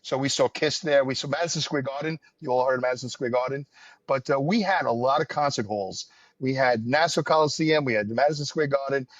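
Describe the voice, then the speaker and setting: Rambling older New storyteller. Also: male voice, mid-range voice, fairly quick, dry recording. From New York area, US. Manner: rambling, wry storyteller with many fillers. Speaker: podcast host. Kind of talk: casual chat, storytelling. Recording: dull lo-fi dry sound.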